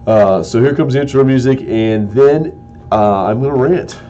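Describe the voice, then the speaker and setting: A man's voice: mid-range voice, moderate pace, mellow, lo-fi sound, slight background noise. A man hosting a live-streamed sports opinion show, ranting with heated, exasperated outbursts and mild cursing.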